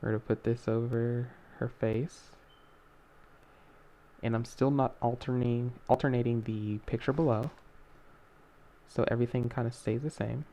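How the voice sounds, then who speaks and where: A man's voice: mid-range voice, fairly even intonation, normal speed, long pauses, dark tone, slight background noise. A young man hosting a casual screen-recorded art tutorial, talking in a rambling way with many fillers and self-corrections.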